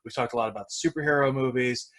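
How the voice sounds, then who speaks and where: Bright-voiced joking podcast host. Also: male voice, medium pitch, quick pace. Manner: wry, joking, rambling. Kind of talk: casual chat.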